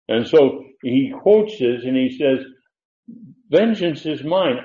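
A man teaching scripture to a congregation, chatty and thinking aloud, stumbling over restarts and fillers. His voice comes through thin and phone-like, with an echo from the large room around him. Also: medium pitch. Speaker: Bible teacher. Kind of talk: verse-by-verse Bible teaching. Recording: echoey room, phone-like narrow sound.

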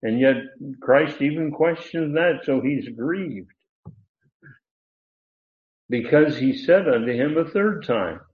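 At a measured pace and medium pitch, a man walks through a Bible passage verse by verse, emphasizing the Greek words and correcting himself as he goes. It's recorded with a tinny, phone-like quality in an echoey space.

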